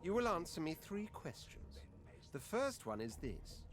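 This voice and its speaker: A man's voice: on the high side, sing-song, unhurried. An actor playing a haughty, aristocratic male lizard prince in a video game, speaking in a pompous, drawling, condescending way.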